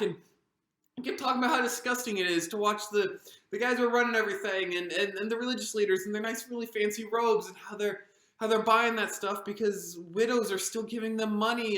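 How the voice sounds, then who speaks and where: A woman's voice: medium pitch, fairly bright tone, lightly acted. A woman pastor performing a devotional monologue as a frightened disciple of Jesus, anxious and stammering with many restarts. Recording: roomy echo.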